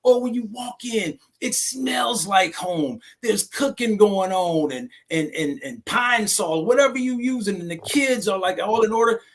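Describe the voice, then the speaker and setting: Emphatic male counselor type with a high voice, lecturing a men's group. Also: animated, unhurried, few pauses, fairly bright tone. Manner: emphatic, preachy, keeps checking in with listeners. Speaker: domestic violence class facilitator. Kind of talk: group discussion.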